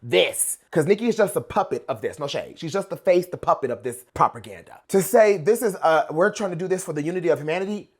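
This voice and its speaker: A man's voice: fairly high pitch, lively intonation, quick pace, hardly any pauses, breathy edge. A man from the United States hosting a reaction commentary, blunt and sassy, with lots of slang and asides. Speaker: host and pop-culture commentator.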